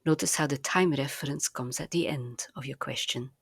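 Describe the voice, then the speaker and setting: A woman narrating a language lesson in a slow, careful, clearly enunciated teaching manner. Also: rumbling low, no echo.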